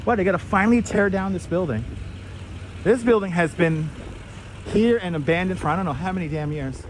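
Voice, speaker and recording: A high-pitched man talks fairly quickly while hosting an informal live walking-tour stream outside on a city street. He chats and calls out viewers by name over a wireless clip-on mic, with slight background noise.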